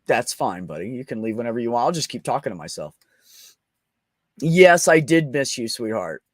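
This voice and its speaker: A man's voice: mid-range voice, big pitch swings, normal speed, dry recording, studio quality. A young man hosting a casual livestream, crude and joking, laughing often as he reads chat. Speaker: livestream host.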